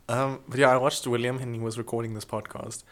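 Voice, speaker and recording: Chatty male comedy podcast co-host. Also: mid-range voice. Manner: chatty, animated storytelling with playful impressions. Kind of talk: casual comedy podcast chat.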